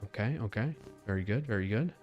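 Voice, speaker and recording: Guy hosting his live stream, chatty and upbeat but kinda low energy, little bit of music behind. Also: animated, a little fast, darkish tone, dull audio. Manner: upbeat, chatty, leads viewers through stretches. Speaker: livestream host. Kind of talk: casual live-stream chat.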